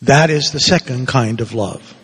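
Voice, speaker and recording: Older man, priest, animated sermon, husky voice, slow delivery, long hall reverb. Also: mid-range voice. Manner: animated, playful preaching with acted-out quotes.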